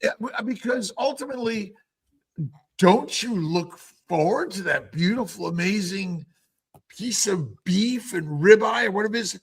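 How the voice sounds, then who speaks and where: A man's voice: high voice, animated, normal speed, slightly rough. A man hosting a casual talk, musing in a rambling, reflective way with many restarts. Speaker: host. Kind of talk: casual conversation.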